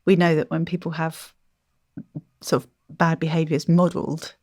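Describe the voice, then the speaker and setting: A woman co-hosting a podcast, chatting casually and hesitantly, with many fillers and pauses. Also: low-pitched, little pitch movement, a little mellow, no room sound, studio quality. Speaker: podcast co-host. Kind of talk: casual interview chat.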